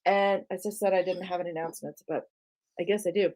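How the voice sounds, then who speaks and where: A woman's voice: on the low side, steady tone, quick pace, a crowd in the background. Playful woman hosting a kids' lesson. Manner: playful, teasing, laughs often; quizzing a child on vocabulary. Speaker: host of a live kids' art tour. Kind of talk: live-stream lesson for kids.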